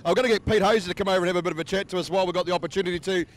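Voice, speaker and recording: A man's voice: high voice, fairly even intonation. A man hosting casual trackside interviews, chatty and upbeat. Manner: chatty, upbeat, quick questions. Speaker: host and interviewer. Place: outdoor speedway pits.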